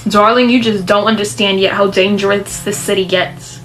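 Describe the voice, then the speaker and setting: A woman voicing a protective, controlling middle-aged mother who speaks firmly and in a measured way. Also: medium pitch, steady tone, fairly bright tone, lightly acted.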